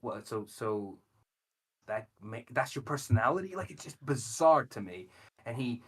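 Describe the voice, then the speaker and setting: A man co-hosting a podcast, ranting in sweary, animated casual chat. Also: medium pitch, normal speed. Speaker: podcast co-host.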